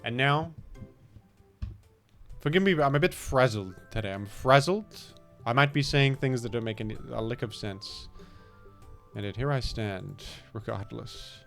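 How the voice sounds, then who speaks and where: A man's voice: mid-range voice, measured pace, gravelly, fairly bright tone, soft background music. A man with an Australian accent, a gaming streamer giving rambling, self-deprecating commentary that trails off into mumbled asides. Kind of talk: casual rambling game commentary.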